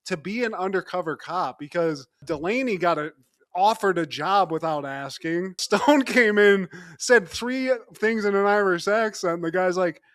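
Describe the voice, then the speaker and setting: A man's voice: sits high, normal speed, a bit bright, dry recording, studio quality. A man co-hosting a podcast, recapping a TV episode in casual chat, joking and laughing often. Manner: jokey, laughing often, slips into mock voices. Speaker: podcast co-host.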